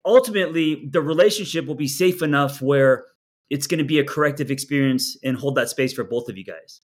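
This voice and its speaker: A man's voice: fairly high pitch, a little fast. Earnest man coaching a couple. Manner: earnest, animated, repeats words when he starts a thought. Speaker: relationship coach. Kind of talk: couples therapy session.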